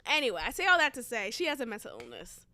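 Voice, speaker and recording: Bright-voiced woman hosting a chatty podcast. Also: sits high, big pitch swings, fast. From Boston, USA. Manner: casual, chatty, with frequent asides and fillers. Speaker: podcast host. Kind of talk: solo podcast monologue.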